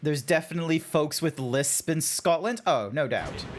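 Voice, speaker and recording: A young Australian man giving chatty, animated commentary on a game while he talks to his stream chat. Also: a little high, moderate pace, heavy background noise. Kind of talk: casual gameplay commentary.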